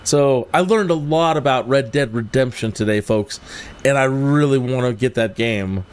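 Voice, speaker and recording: A man's voice: mid-range voice, moderate pace, clean tone. A man hosting a flight sim livestream, rambling casually and talking straight to his viewers. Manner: rambling, chatty, addresses viewers directly.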